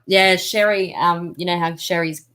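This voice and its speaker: Woman, guest podcaster; deep for a woman, talkative, animated. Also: a little slow, a crowd in the background. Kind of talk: casual chat.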